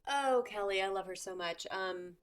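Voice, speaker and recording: A woman's voice: medium pitch, normal speed. A young adult woman hosting a podcast, chatting candidly and swearing freely, with frequent restarts. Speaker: podcast host. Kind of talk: casual chat.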